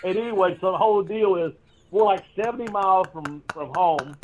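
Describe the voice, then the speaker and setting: A man's voice: high voice, fairly quick, noisy background. A man, a guest on the show, telling a long story in a casual, profane, rambling way, laughing often. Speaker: guest, former pro wrestler. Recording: dull lo-fi audio.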